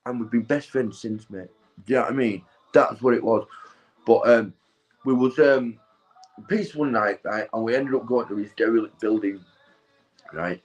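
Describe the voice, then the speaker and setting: A man's voice: mid-range voice, normal speed, pauses often, poor audio. Stoned guy rambling. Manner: sweary, keeps tagging "right?" and "mate". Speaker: vlogger. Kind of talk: rambling casual storytelling.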